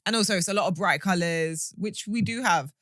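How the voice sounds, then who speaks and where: A woman's voice: on the low side, a little fast, fairly bright tone, no echo, studio quality. A young woman, co-hosting a podcast in casual chat, telling stories with rambling asides and self-corrections. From England. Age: young adult. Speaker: podcast co-host.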